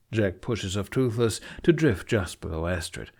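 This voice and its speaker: A man narrating a fan fiction audiobook with an expressive reading. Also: on the low side, measured pace, gravelly, breathy edge.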